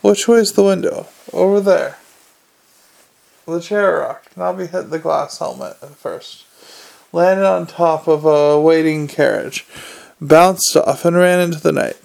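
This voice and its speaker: A man narrating an audiobook in a dry, measured storytelling manner. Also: on the high side, creaky. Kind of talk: scripted narration.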